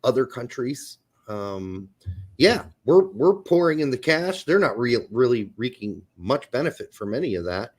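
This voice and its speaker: Animated ranting man. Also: mid-range voice, measured pace, slightly rough. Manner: profane, ranting. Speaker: podcast co-host. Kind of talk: casual sports chat.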